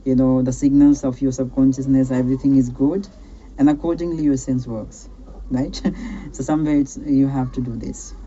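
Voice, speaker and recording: A man's voice: mid-range voice, steady tone, moderate pace, dark tone, muffled recording, slight background noise. A man coaching a learner on a call, encouraging and repetitive, often checking in with "right?". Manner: encouraging, repetitive, peppers speech with "right?" and "you know". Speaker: English speaking coach hosting a practice call. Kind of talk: casual advice chat on a call.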